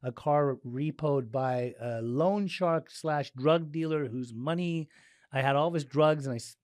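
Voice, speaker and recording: A middle-aged man from Southern California, a guest in a casual interview, telling his story with animated delivery and acting out the dialogue. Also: on the high side, measured pace, no echo. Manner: animated, acts out dialogue, frequent "like" and restarts.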